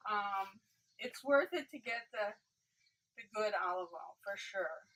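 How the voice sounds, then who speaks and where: A woman's voice: mid-range voice, unhurried, fairly bright tone, distant mic, slight background noise, low-quality recording. A woman chef chatting casually while demonstrating a dish in a food truck kitchen. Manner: chatty, explaining as she cooks. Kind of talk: cooking demonstration.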